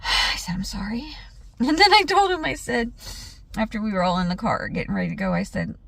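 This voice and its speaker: A woman's voice: on the high side, very animated, a little fast, a bit bright, no echo. A woman vlogging in a chatty storytelling way, laughing often and acting out what was said. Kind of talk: casual vlog chat.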